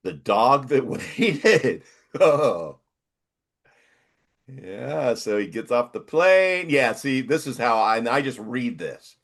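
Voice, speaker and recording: An older man co-hosting a casual chat, rambling and reading text aloud in halting bits. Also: medium pitch, animated, a bit bright. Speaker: podcast co-host.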